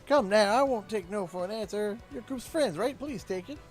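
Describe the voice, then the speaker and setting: A man putting on a folksy high-voiced turtle dad. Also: lively intonation, normal speed, faint music behind. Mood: generous. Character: cheerful middle-aged male turtle father, folksy.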